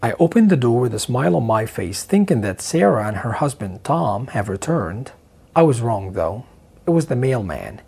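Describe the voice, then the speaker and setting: A man narrating a dramatic first-person story with a husky voice and expressive delivery. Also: mid-range voice, normal speed.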